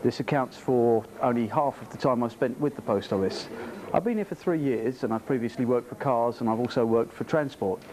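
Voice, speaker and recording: A man introducing himself to camera in a deadpan, jokey way, picked up by a camcorder mic. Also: mid-range voice, fairly quick, hardly any pauses, a crowd in the background, poor audio. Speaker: office worker.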